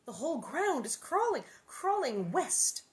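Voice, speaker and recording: A woman reading aloud and voicing a steady, serious pioneer father. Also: high-pitched, voice pushed up. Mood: grave. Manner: measured, earnest.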